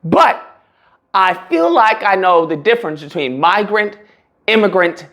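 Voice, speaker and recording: A man hosting a casual reaction commentary, talking in an animated, mocking way and breaking into laughter. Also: sits high, measured pace. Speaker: commentary channel host.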